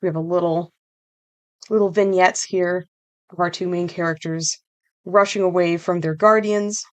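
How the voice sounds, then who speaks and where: Low-voiced woman author presenting her book. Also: fairly even intonation, normal speed, clear, resonant tone. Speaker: children's book author and illustrator.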